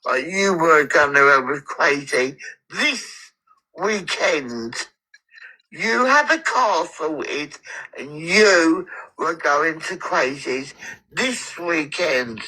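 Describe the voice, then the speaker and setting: A woman's voice: low-pitched, animated, very slow, sharp tone, poor audio. A woman ranting angrily on a live stream, swearing heavily and close to tears at times. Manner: furious, swearing, tearful at times. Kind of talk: angry live-stream rant.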